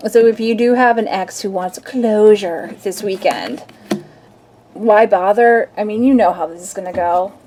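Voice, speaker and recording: A woman's voice: medium pitch, measured pace, dark tone, slight background noise. A young adult woman, a tarot reader, chatting casually and playfully through a weekend reading and acting out little scenes.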